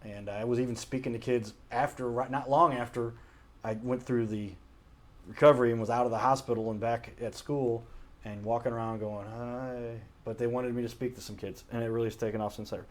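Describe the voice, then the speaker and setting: A man's voice: mid-range voice, steady tone, brisk. A man hosting his own show, talking casually and earnestly to his camera in a home studio, often stopping to correct himself. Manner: rambling, earnest, self-correcting. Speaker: show host. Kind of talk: casual solo talk to camera. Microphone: camera mic, self-recorded.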